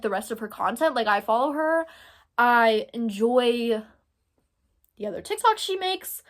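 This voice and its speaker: A woman's voice: sits high, fairly bright tone. A young woman from Texas giving casual commentary, thinking aloud and rambling with lots of filler words. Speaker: commentary creator.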